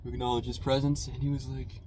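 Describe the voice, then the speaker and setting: A man's voice: medium pitch, flat delivery, quick pace, noisy background. A young man, a college student, telling a rambling story in a casual, conversational way while sitting in his car. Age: young adult. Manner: rambling, conversational, full of "you know" and "man". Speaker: food reviewer telling a story.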